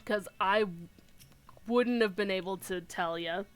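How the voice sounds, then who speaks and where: A woman's voice: medium pitch, measured pace, soft background music. A woman with an alto voice, chatting casually and correcting herself while streaming a game. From outside the UK. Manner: chatty, self-correcting, giggly asides. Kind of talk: casual gameplay chat.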